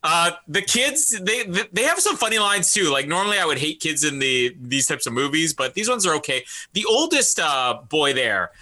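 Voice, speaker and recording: A man's voice: a little high, very animated, normal speed, hardly any pauses, sharp tone. A man co-hosting a podcast, chatting casually about a movie and laughing often. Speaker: podcast co-host.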